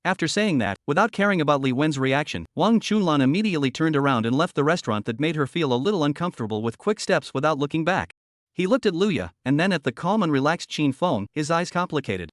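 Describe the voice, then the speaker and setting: A male narrator reads a story recap in a steady, matter-of-fact way. His voice sits a bit high and comes across close and dry, with no room sound. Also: quick pace, dry recording.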